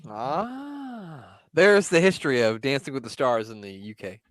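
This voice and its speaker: A man's voice: mid-range voice, expressive, unhurried, dry recording. A man co-hosting a podcast, chatting casually and joking while commenting on an old wrestling show. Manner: jokey, playful, laughs often. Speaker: podcast co-host.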